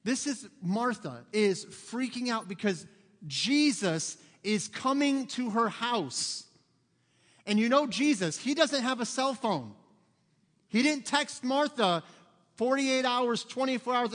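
High-voiced joking pastor in a reverberant church. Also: male voice, animated, a little slow, fairly bright tone. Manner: humorous, self-mocking storytelling with acted-out quotes. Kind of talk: sermon. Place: church sanctuary.

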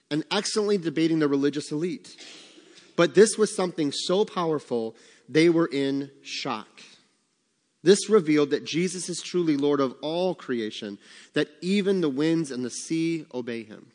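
A man leading a Bible study, teaching in a conversational way and asking the group questions. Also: fairly high pitch. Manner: conversational, asks the room questions. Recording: long hall reverb.

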